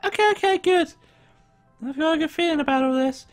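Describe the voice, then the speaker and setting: A man voicing an upbeat young woman roommate in a high falsetto, chatty and apologetic. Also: a little fast, no echo, faint music behind. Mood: cheerful.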